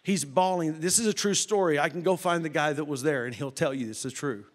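A middle-aged man preaching a sermon as a folksy, animated storyteller who drops to a hush for quoted voices. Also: fairly high pitch, brisk. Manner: folksy, animated, with loud sound effects and hushed quoted voices. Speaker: pastor.

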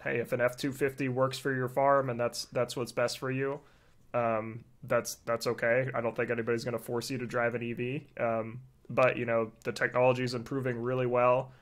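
Man, podcast co-host, casual chat, relaxed explainer, mid pitch. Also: a little fast. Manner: relaxed, explanatory, frequent laughs and fillers.

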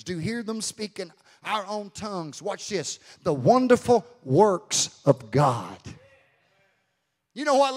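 A man preaches in a very high, ringing voice, drifting between hushed asides and shouted declarations. His sermon fills a church sanctuary, and the words trail off in a long echo. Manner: fervent preaching, swings from quiet asides to shouting. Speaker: pastor.

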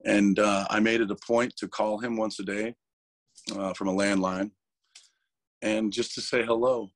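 A lower-pitched man in a candid interview, with an emotional, rough-edged way of speaking. He swears freely and often stumbles over his words. The sound is dry and close. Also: level tone, unhurried, no room sound. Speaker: interview guest, metal vocalist.

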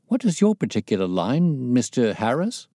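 A man's voice: mid-range voice, big pitch swings, moderate pace, warm tone, no room sound, clean studio sound, voice pushed up. A man putting on a frantic, strained company director. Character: agitated middle-aged male company director, nervous.

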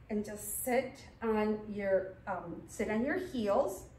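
A woman's voice: a little high, recorded from a distance, a little hiss or hum. A woman leading a baby yoga class, guiding parents through poses and breaking into sing-song baby talk and animal sounds. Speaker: yoga instructor. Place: yoga studio. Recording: echoey studio from off mic.

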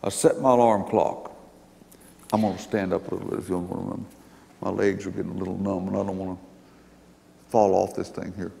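An older man tells a personal story to an audience in a folksy, meandering way. His voice sits low and is gravelly, with a touch of fry. The sound carries a long reverb from a large hall. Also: level tone, quick pace, long pauses, dark tone, a little hiss or hum. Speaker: speaker giving a testimony.

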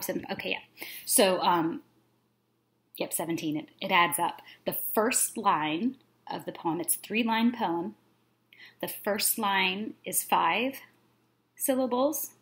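A woman teacher with a lowish voice reads a children's book aloud to young kids, then chats through a lesson. Her tone is friendly and relaxed, with plenty of ums, and a gravelly fry creeps into her speech. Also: measured pace. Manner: friendly and relaxed, with frequent fillers.

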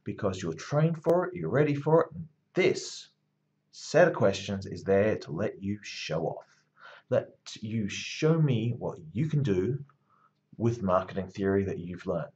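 A man's voice: lowish voice, very animated, a little slow, darkish tone, muffled recording. A man giving a recorded university lecture as a rousing, emphatic pep talk, repeating phrases for effect.

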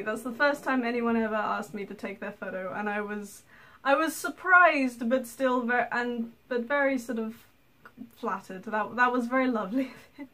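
A woman's voice: on the high side, a bit bright. A woman from England, telling stories in a casual vlog, rambling with many fillers and frequent laughter. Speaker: vlogger. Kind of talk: casual storytelling to camera.

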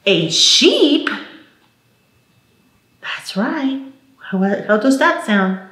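A woman's voice: fairly high pitch, expressive, extremely slow, fairly bright tone. A woman as a children's librarian leading a storytime, coaxing little ones with questions and mixing in Spanish words. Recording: roomy echo.

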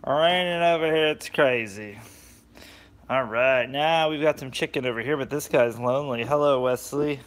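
A man chatting on a live cooking stream, greeting viewers by name with sudden animated bursts, recorded on a phone on a selfie stick in a home kitchen. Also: mid-range voice, moderate pace.

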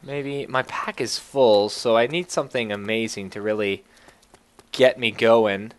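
A man hosting a gameplay video, talking through his game in a joking, self-mocking way with sudden excited yelps. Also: lowish voice, unhurried. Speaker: gaming video host. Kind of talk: gameplay commentary.

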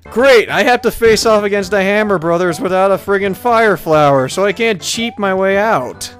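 A man giving casual gameplay commentary as a let's player, laughing often, swearing, and breaking into loud frustrated outbursts. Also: high voice, expressive, moderate pace, faint music behind.

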